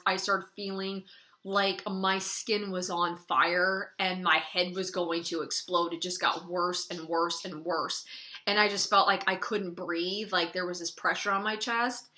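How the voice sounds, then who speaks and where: A woman's voice: fairly low pitch, steady tone, moderate pace, bright, forceful tone. A young adult woman vlogger telling a personal story in a casual, chatty way, filling her sentences with "like". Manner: chatty, frequent "like", wry laughs between lines. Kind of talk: casual story-time monologue.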